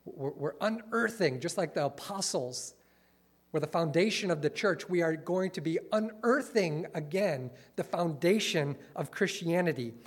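Man, earnest lecturer, mid-high voice, wry asides. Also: animated, moderate pace, breathy edge. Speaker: speaker critiquing a church movement. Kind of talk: lecture-style talk, reading quotes.

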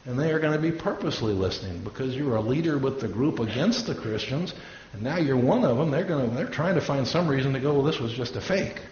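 A man preaches a sermon as a pastor, animated and fast with few pauses, his medium-pitched voice darkish in tone. He tells stories and acts out quoted voices, heard through dull lo-fi audio in an echoey room with faint hiss.

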